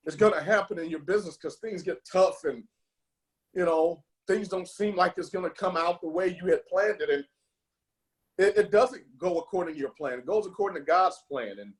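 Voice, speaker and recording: Guy hosting a team video call, rambles a lot w/ fillers, gets fired up and emotional, kinda high voice. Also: normal speed. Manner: emotional, fervent. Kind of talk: motivational call talk.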